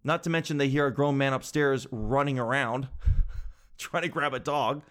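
A young man telling a story in a casual, animated way, swearing freely and acting out what others said. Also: mid-range voice, normal speed. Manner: animated, swears freely, acts out quoted voices.

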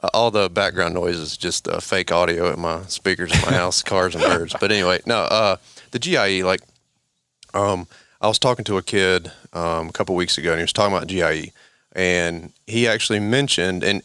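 A man's voice: sits low, sharp tone, smooth, dry recording, clean studio sound. A man guest on a podcast, talking from home in a rambling way with many fillers. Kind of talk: casual chat.

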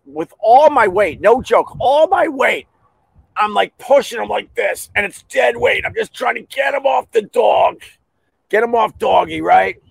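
A man hosting a podcast, casually telling a heated personal story with loud outbursts. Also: high voice, creaky, no room sound, poor audio. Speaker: podcast host.

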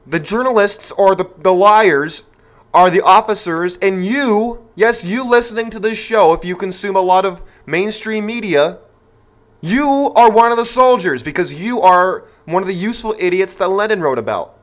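This podcast host sounds animated, his high voice moving at a normal speed. Talking directly to listeners, he lays out his opinions in an emphatic, rhetorical monologue.

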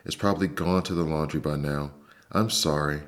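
Shamefaced storybook mouse, hesitant and apologetic, deep low voice, read by a man. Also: steady tone, moderate pace. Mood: miserable. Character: young male mouse, guilty and ashamed.

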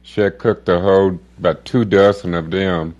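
A man talking as a guest in a casual chat, halting with many fillers and soft laughs. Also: sits low, steady tone, dull audio.

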